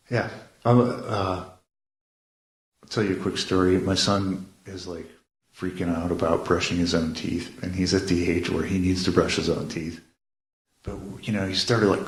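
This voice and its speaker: A low-pitched man chats loosely on a live stream, pausing often with fillers and halting restarts. His voice rings in a roomy, echoey space, picked up as if by a phone or webcam. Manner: rambling, halting, many fillers. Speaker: astrologer and musician. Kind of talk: casual live-stream talk. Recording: echoey room.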